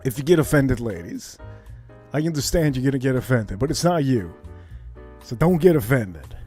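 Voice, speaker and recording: Animated, lively-voiced male livestream host. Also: medium pitch, moderate pace, soft background music. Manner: animated, profane, acts out the story. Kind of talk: casual storytelling on a livestream.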